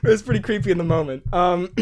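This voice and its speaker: A man's voice: high voice, brisk, a crowd in the background. A man co-hosting a podcast, rambling and laughing as he tells stories in casual chat. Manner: rambling, animated storytelling with laughs. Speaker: podcast co-host.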